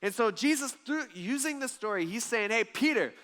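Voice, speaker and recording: A male pastor delivers a Sunday sermon with a fairly high voice. He tells the story vividly and jumps into the characters' lines as he goes. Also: normal speed. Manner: lively storytelling preacher, acts out voices in the parable.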